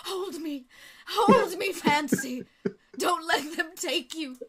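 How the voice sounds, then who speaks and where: A woman's voice: very high voice, takes it slowly, voice pushed up. A woman voicing a melodramatic, clingy noble lady who pleads in an overwrought, squealing way.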